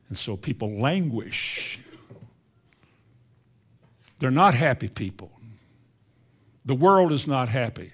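A man preaching a sermon, swinging between loud, emphatic lines and quiet, low asides. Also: expressive, a little slow, pauses often, breathy edge. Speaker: pastor.

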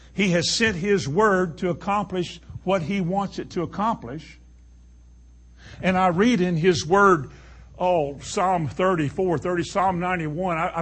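A man's voice: high voice, fairly bright tone, slightly rough. A man preaching a sermon to a congregation, emphatic and full of rhetorical questions.

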